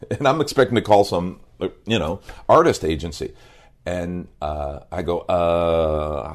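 A man who is a pastor, a guest on an interview show, telling a personal story in a lively way and quoting the people in it. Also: low-pitched, measured pace. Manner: lively anecdote teller who quotes others.

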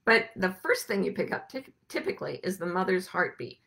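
A woman hosting a reflective spiritual talk to a group, soft-spoken and unhurried, sometimes sinking to hushed whispers. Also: on the low side, big pitch swings, vocal fry. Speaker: podcast host and teacher.

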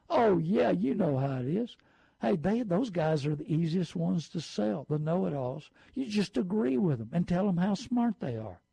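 A middle-aged man giving folksy car-buying advice, with lively storytelling. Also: high voice, normal speed, creaky, slightly rough, no room sound, rough recording.

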